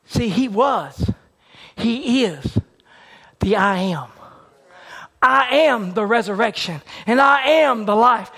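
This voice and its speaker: A man preaching a sermon with a repetitive, building cadence that swings between shouted peaks and hushed, near-whispered lines. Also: high voice, lively intonation, slow.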